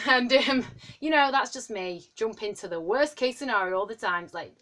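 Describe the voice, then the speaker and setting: Rambling, excitable young woman vlogger. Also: on the high side, moderate pace. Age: 20s. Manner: rambling and excitable, heavy with fillers. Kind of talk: casual chat to camera.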